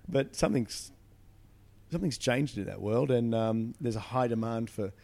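Male comic with a gravelly voice, swapping stories, trips over his words and restarts a lot. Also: mid-range voice, normal speed. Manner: animated storytelling with frequent restarts. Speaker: comedian. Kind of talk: casual chat.

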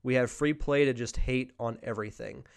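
A man's voice: medium pitch, moderate pace, vocal fry, smooth. A young man hosting a podcast, chatting casually through a live Q&A, reading viewer questions aloud and answering off the cuff. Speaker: podcast host.

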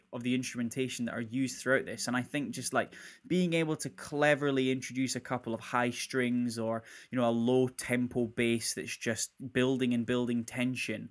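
A man chatting casually on a podcast about a movie he liked. He rambles, trips over his words and restarts his sentences. He swears now and then. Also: medium pitch. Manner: rambling, stumbling restarts, swears, laughs often. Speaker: podcast co-host. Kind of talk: casual film review chat.

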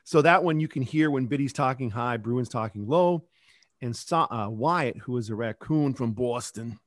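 In a dry, studio-quality recording, a middle-aged creator of a children's podcast chats in a relaxed interview. His mid-range voice moves at a moderate pace as he reflects, wandering and restarting his thoughts.

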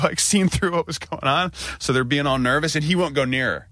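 Animated man telling a hospital story. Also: on the high side, a little fast, few pauses, dry recording, clean studio sound. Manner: animated, acts out his own anxious outbursts in quotes. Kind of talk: casual storytelling.

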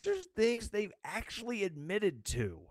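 A man's voice: sits high, big pitch swings, unhurried, no echo, studio quality. A man hosting his own talk show, ranting in a rambling, sarcastic way. He sounds tired. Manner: sarcastic, rambling, with mocking quoted voices. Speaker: show host. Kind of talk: casual political rant.

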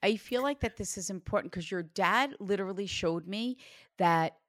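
A woman's voice: medium pitch, moderate pace, dry recording, studio quality. A woman working as a psychic medium, giving a reading to a client in an earnest, reassuring way. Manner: earnest, reassuring, animated when retelling.

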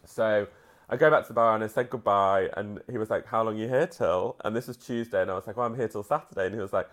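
A man's voice: on the low side, fast, fairly bright tone. A man, a podcast co-host, telling a self-mocking story with frequent laughter in casual chat.

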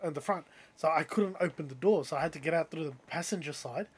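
Young guy, slightly high voice, animated casual storyteller. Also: quick pace, slightly rough. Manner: animated, rising loud when quoting others.

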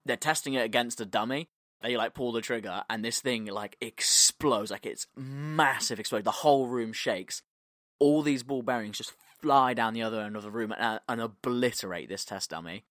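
A man co-hosting a podcast, telling a story in a loose, animated way, acting out quotes and laughing often. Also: mid-range voice, normal speed, no echo, studio quality. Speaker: podcast co-host. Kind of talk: casual storytelling chat.

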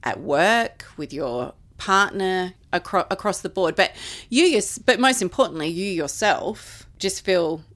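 A woman's voice: fairly low pitch, lively intonation, a little slow, few pauses, fairly bright tone. A woman with an Australian accent, a naturopath guest, speaking earnestly and reassuringly in casual chat, with plenty of fillers. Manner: earnest, reassuring, many "like" and "you know".

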